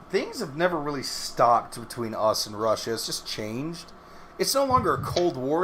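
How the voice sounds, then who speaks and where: A man's voice: mid-range voice, fairly bright tone, a little hiss or hum. A man hosting a podcast, reading a news article aloud and then riffing on it with blunt, joking opinions in casual chat. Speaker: podcast host.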